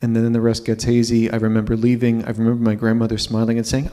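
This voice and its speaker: A man's voice: mid-range voice, monotone, fast talker, hardly any pauses, dark tone. A man in his fifties telling a personal story live on stage, conversational and checking in with the audience. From Ontario, Canada.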